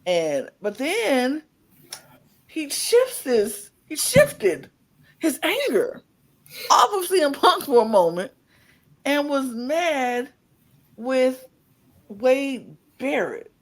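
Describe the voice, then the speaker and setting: Slow-talking animated male podcast co-host. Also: very high voice. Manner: rambling recap with playful sarcasm, acting out quotes. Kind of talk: casual wrestling recap chat.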